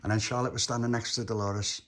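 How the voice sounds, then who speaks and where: A man's voice: on the low side, little pitch movement, fast, fairly bright tone, a little hiss or hum. A man telling an improvised children's story, chuckling as he goes. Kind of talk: improvised bedtime-style storytelling.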